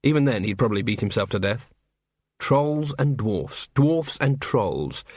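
A man narrating an audiobook in a lively, expressive way with dry wit. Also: medium pitch, a little slow, breathy edge, dry recording. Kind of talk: audiobook narration of a comic fantasy novel.

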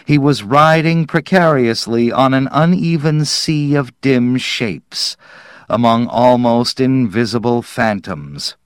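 A man reads a story aloud at an unhurried, deliberate pace, letting each phrase land with measured drama. His voice sits at an ordinary middle pitch and sounds close and dry, with no room around it. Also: smooth, dry recording. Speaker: narrator. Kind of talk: audiobook narration.

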